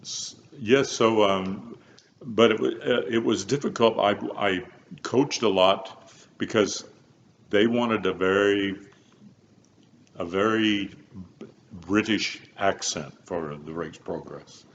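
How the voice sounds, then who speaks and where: A man's voice: lowish voice, slow pace. An older man from Kansas, telling stories from his career in an interview, rambling with many fillers and restarts and frequent chuckles. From Kansas, USA. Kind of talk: relaxed interview storytelling. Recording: slightly dull, faint background hiss.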